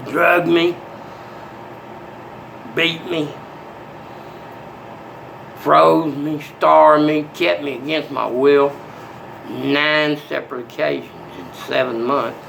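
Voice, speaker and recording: An older man in a rambling monologue that swings from soft to menacing. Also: on the high side, little pitch movement, slow, vocal fry, long pauses, a little hiss or hum, rough recording.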